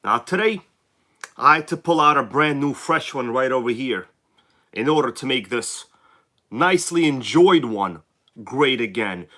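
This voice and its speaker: Chatty New man, sick and bright. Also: on the high side. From New York City. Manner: chatty, jokey, greets viewers by name. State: sick, congested voice. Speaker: live stream host. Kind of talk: casual live stream chat.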